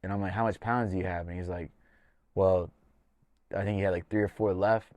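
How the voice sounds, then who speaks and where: Laid-back man telling a story, low voice. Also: steady tone, brisk, darkish tone, no echo. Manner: loose and profane, acts out quoted dialogue. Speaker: podcast host and fight coach. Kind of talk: casual podcast storytelling.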